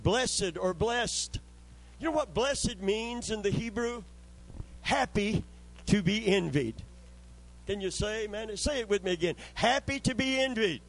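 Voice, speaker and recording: A man's voice: high voice, poor audio. A man preaching a sermon with fervent, call-and-response delivery, often calling for amens.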